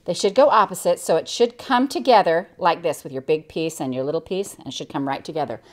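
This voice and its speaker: A woman's voice: fairly low pitch, a little fast. Chatty older woman demonstrating quilting. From United States. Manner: chatty, cheerful, enthusiastic about the work. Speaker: quilting instructor. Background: sewing machine.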